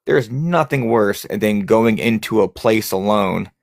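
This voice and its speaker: Low-voiced man telling ghost stories. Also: a little slow, gravelly, no room sound, clean studio sound. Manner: animated storyteller, acts out scared reactions. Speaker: paranormal investigator. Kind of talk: casual chat.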